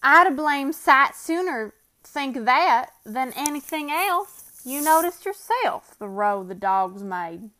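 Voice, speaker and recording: A woman's voice: high voice, animated, slow pace, few pauses, pushed and bright, pitched above the performer's own voice, full character voice. A woman voicing an uneasy grizzled sled-dog driver with a rustic backwoods dialect. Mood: brooding.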